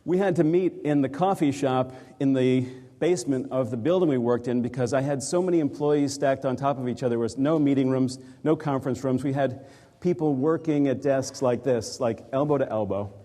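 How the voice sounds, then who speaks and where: Man, executive coach, reflective storyteller, conversational, mid-pitched voice, long hall echo. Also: brisk, mellow. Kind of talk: storytelling talk to a live audience. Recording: reverberant hall.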